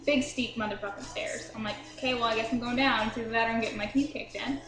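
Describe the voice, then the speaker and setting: A woman's voice: a little high, steady tone, fast, roomy sound, over music, rough recording. A young woman casually telling a drunk story to her viewers, chatty and swearing freely, laughing at herself. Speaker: vlogger.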